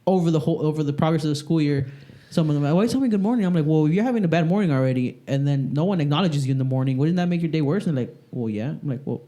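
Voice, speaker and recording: A man speaking quickly and colourfully on a podcast, his speech packed with curses and acted-out exchanges. His voice sits a bit high for a man but has a mellow, dark colour. He sounds like someone who works with kids at a school and is swapping stories with friends. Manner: profane, animated storytelling. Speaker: podcast co-host; school staff working with kids. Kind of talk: casual chat.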